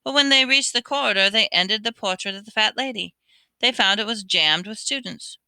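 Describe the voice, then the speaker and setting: A woman's voice: medium pitch, fairly quick, pushed and bright, clear, resonant tone, no room sound. A woman reading a novel aloud, now and then stumbling and restarting words. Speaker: reader.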